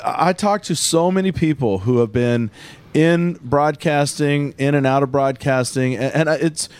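A man hosting a radio show, chatting in a relaxed way and stumbling over his words now and then. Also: on the high side, normal speed, clean tone, dry recording. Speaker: radio host. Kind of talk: casual radio talk.

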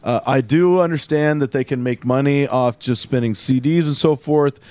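A man hosting a radio show, chatting in a relaxed way and stumbling over his words now and then. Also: medium pitch, moderate pace, smooth, no room sound. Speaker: radio host. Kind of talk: casual radio talk.

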